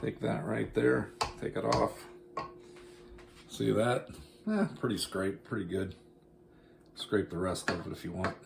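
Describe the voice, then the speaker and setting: In his home kitchen, a cooking vlogger demonstrates a recipe in a casual, folksy, joking way, addressing viewers directly. His lowish voice is unhurried and creaky with long pauses, and the room echoes over a noisy background.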